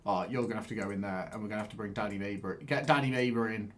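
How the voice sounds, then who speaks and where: A man giving casual live-stream commentary while he plays a game, excitable, swearing and chatting with viewers. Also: fairly low pitch, rapid-fire, slight background noise.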